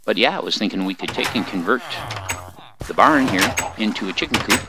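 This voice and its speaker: Gravelly older man narrating gameplay. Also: lowish voice, lively intonation, fairly quick. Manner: rambling, folksy, chatting to his in-game animals. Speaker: let's play host. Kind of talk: casual gameplay commentary. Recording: noisy home recording with mouse clicks.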